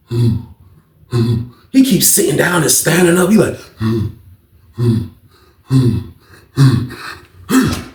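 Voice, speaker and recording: Animated man telling a storytime. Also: mid-range voice, reverberant. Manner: animated, slangy storytelling with acted-out quotes. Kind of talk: casual storytime.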